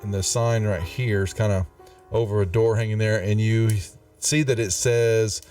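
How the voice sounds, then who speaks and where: A man's voice: lowish voice, normal speed. Sounding male game master, far from mic. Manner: relaxed, many fillers. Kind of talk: narrating a tabletop game. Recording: distant mic with faint music.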